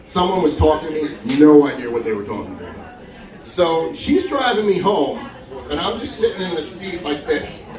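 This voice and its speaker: Speaking at a normal pace, this open-mic comic narrates a story with lots of energy, voicing each quoted character through dramatic pitch jumps. A far-off mic captures the echoing room along with an audibly laughing audience.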